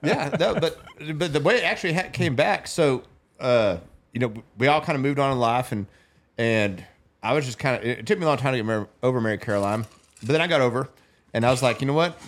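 A man's voice: medium pitch, animated, fast talker. A man, telling a long story as a podcast guest, rambling and laughing as he goes. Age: 40s. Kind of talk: casual storytelling.

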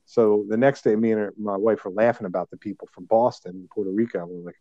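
A man's voice: on the low side, fairly even intonation, fast talker, warm tone, no room sound, highs cut off. A man on a casual podcast, rambling through a travel story and laughing as he goes. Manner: rambling, laughing, mimics voices in anecdotes. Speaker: podcast co-host.

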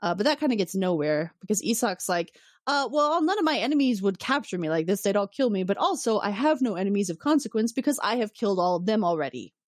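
A woman's voice: mid-range voice, sing-song, fast, dry recording, studio quality. A woman co-hosting a casual podcast, animatedly retelling a story and acting out characters' lines. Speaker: podcast co-host recapping episodes. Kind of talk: casual chat.

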